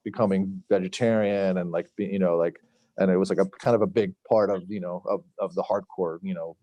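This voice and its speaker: A man's voice: low voice, fairly even intonation, a little fast, no echo, muffled recording. A middle-aged man from Long Island, telling stories as a guest, rambling with many fillers and acted-out quotes. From Long Island, New York. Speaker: chef and podcast guest. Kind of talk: casual storytelling interview.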